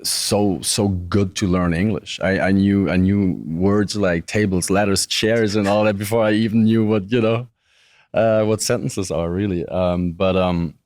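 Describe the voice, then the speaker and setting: A man's voice: deep voice, measured pace, no room sound, studio quality. A young man from Germany with a light German accent, chatting casually and easily as an interview guest. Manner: relaxed, chatty, frequent restarts. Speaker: guest, professional wrestler.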